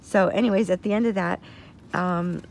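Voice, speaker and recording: A woman's voice: lowish voice, fairly even intonation, moderate pace, vocal fry, a little mellow, a little hiss or hum. A woman in her sixties telling a personal story in a meandering way that keeps circling back. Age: 60s. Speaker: vlogger.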